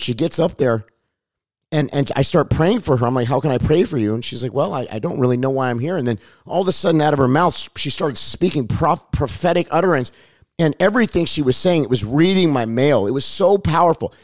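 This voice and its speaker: A middle-aged man preaching and praying aloud as a pastor, fervent and repetitive, his voice hoarse and raspy. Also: mid-range voice, a little mellow, no room sound, clean studio sound. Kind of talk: sermon and prayer.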